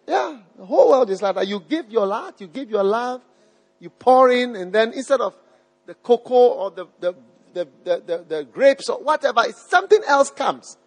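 High-voiced husky man preaching in a hall. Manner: emphatic, repeats phrases, asks the crowd questions. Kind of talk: live sermon. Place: church hall with a live congregation. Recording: long hall reverb.

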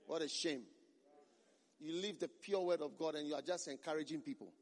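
A man's voice: a little high, fairly quick. A man preaching a sermon as a pastor, emphatic and repeating phrases for force. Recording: long reverb in a large hall.

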